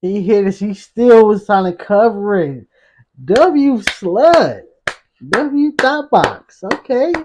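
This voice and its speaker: High-voiced man in animated reaction commentary. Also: slow, a little hiss or hum. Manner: animated, slangy, talks back to the clip. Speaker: reaction video host.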